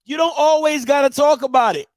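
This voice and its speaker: A man's voice: very high-pitched, a little fast, no room sound, studio quality. A man hosting a live talk show, giving emphatic commentary that repeats points and uses casual slang. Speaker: host.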